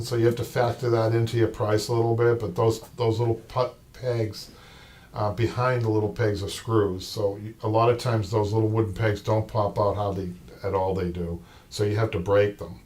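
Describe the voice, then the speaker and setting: A man's voice: on the low side, steady tone, moderate pace. A man with a Boston accent hosting a live upholstery show. He rambles and restarts in casual talk. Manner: rambling, with many restarts and asides. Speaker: upholstery shop owner and show host. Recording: distant mic with faint noise.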